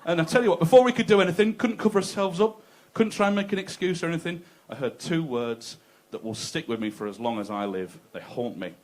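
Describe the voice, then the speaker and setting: A man's voice: fairly high pitch, expressive, quick pace, few pauses, a little mellow. A man doing a crude, conversational stand-up set, teasing the crowd. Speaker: stand-up comedian. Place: comedy club stage.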